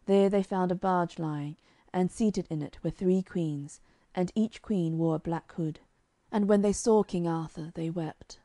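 Woman audiobook narrator, lowish mellow voice, calm measured storybook read. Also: no room sound, clean studio sound.

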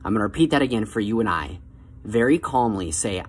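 A man giving calm, coaxing motivational advice straight to the viewer, slowing down on key phrases. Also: fairly low pitch, a little hiss or hum. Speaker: self-help vlogger.

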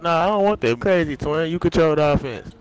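A man's voice: fairly high pitch, lively intonation, brisk, faint music behind. Hyped, slangy man on game chat. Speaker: teammate and fan in online game.

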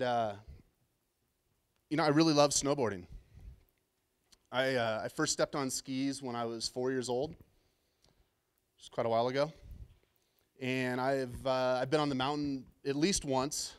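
A man's voice: medium pitch, clear, resonant tone. A middle-aged man from Southern California giving his first conference keynote, telling stories in a casual, self-deprecating and slightly nervous way on a stage microphone. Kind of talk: casual storytelling keynote talk.

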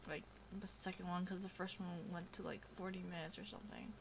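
Fairly low in pitch with vocal fry, this young woman's voice stays steady and brisk against a noisy background. She chats casually over a video game playthrough on a home computer microphone, easily sidetracked and full of fillers.

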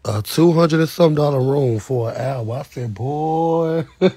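Young man, husky, higher voice, dramatic gossip, phone livestream, dry sound. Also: moderate pace, mellow, dry recording. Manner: dramatic, gossipy, sudden high shrieks and whispers. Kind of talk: casual storytelling on a livestream.

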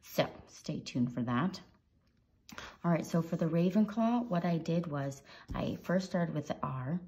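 A woman's voice: low voice, lively intonation, unhurried, dark tone. A woman hosting a drawing tutorial, chatty and encouraging, with playful little sound effects while she sketches. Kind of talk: casual drawing tutorial narration.

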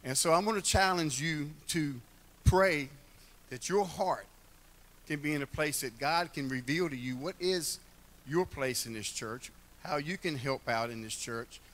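A man's voice: fairly high pitch, measured pace, a bit bright. An older man giving a heartfelt church address, telling folksy stories with humor. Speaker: church member speaking at a retirement celebration.

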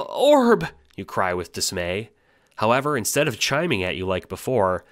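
A man narrating an audio drama in the second person, moving between hushed dread and panicked cries. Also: low-pitched, no room sound. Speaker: narrator and voice actor.

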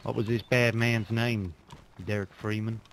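A man voicing a creepy male cult preacher in an online game role-play, drawling slowly and asking probing questions. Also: fairly low pitch, flat delivery, fairly bright tone, a little hiss or hum.

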